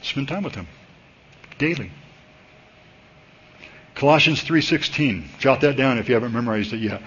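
In a dull lo-fi recording with a little background noise, a male pastor preaches at a church service at a normal pace. He talks to the congregation in an animated, chatty style, his pitch rising sharply when excitement takes over.

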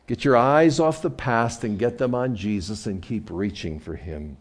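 A man's voice: medium pitch, moderate pace. A man preaching a sermon as pastor in a conversational way, often repeating words as he restarts.

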